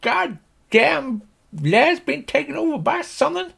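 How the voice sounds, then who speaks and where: A cranky old rancher with a shrill, much higher voice, spitting curses in a gravelly drawl, as a man puts him on. He sounds loud and raised, grumbling at everyone around him in a tabletop game. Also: big pitch swings, a little slow, crowd noise, full character voice. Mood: irate. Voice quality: shrill high cursing drawl. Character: cranky beaten old male rancher, cursing.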